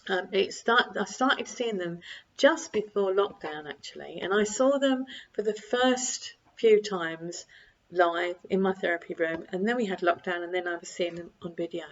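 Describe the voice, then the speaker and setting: An older woman, a parenting coach, giving calm advice to camera and acting out bits of dialogue. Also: fairly low pitch, normal speed. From United Kingdom. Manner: calm, repetitive, acts out quoted dialogue. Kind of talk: direct-to-camera advice talk. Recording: slightly dull lo-fi recording.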